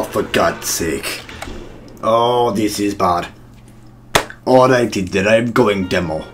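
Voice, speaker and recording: A man talks over his gameplay in a slow, drawn-out put-on heavy voice that strains his sore throat. He breaks into yelps and exclamations as the action heats up. The recording carries a lot of noise behind him. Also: low voice. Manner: exclaims and yelps during play. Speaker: gamer. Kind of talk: gameplay commentary.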